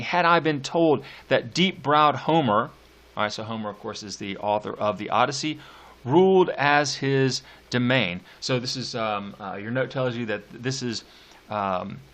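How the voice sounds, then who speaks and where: A male teacher giving a recorded poetry lecture. He reads verse slowly with drawn-out stresses and drops casual asides between the lines. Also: medium pitch, fairly bright tone.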